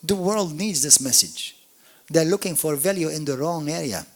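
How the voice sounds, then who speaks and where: Man, pastor, Maltese accent, animated jokey sermon, call-and-response, slightly high voice. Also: moderate pace. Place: church service.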